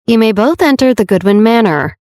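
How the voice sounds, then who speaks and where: A woman's voice: on the high side, expressive, brisk, a little mellow, dry recording, voice pushed up, lightly acted. A woman voicing a vile, vindictive male manor doorman who sneers at visitors, read in a dry, close audiobook voice. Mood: sullen. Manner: sneering, leering, then cowed.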